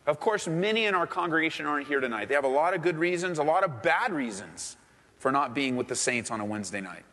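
Male pastor, higher-pitched, passionate sermon style, long church reverb. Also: fairly bright tone, slightly rough. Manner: impassioned preaching, voice rising sharply in acted prayers. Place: church sanctuary.

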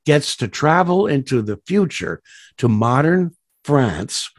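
Give me an animated man spinning rambling anecdotes, dry close sound. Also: medium pitch, takes it slowly, dry recording. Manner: rambling, many fillers and restarts; animated, laughs at his own stories. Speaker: voice actor guest. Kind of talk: storytelling interview anecdotes.

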